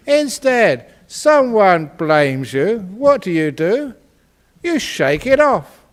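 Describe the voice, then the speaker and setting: A Buddhist monk in a man's voice tells a teaching story at an unhurried pace, playful and chuckling at his own humor. His pitch swings lively up and down, and his voice sits a little above the usual range for a man. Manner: playful, laughs at his own jokes, animated. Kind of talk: humorous storytelling dharma talk.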